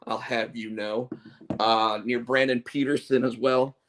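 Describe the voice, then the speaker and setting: A man's voice: mid-range voice, flat delivery, unhurried, a bit bright. A man hosting a casual chat show, rambling and repeating words as he tells stories. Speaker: podcast host and comic artist.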